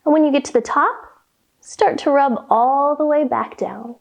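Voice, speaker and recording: Guiding children through yoga, a woman uses a high, gravelly voice at a moderate pace. Her manner is playful and sing-song, and she includes animal sounds plus a nursery rhyme.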